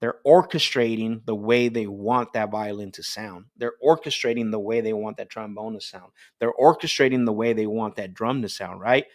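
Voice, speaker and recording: A man's voice: on the low side, normal speed, few pauses. A man coaching a group call on sales technique, talking with energy and checking in with "right?" as he goes. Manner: energetic, repeats "right?" often, restarts sentences. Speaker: sales trainer.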